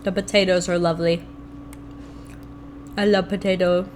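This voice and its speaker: A young woman streaming a video game live, talking to herself and her chat in an animated, playfully grumbling way. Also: fairly low pitch, moderate pace, a little hiss or hum. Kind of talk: live gameplay commentary.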